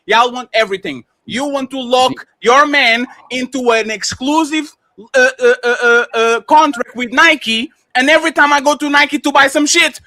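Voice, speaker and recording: A man with a strikingly high, bright and forceful voice leads a heated panel debate. He talks loud and animated, cutting in and acting out other people's lines. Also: normal speed. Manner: loud, animated, acts out quotes in put-on voices.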